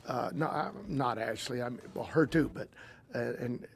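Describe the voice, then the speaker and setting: An older man, a drag racing team owner, telling stories in a casual interview, halting and often repeating himself as he restarts. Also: medium pitch, creaky, a little hiss or hum.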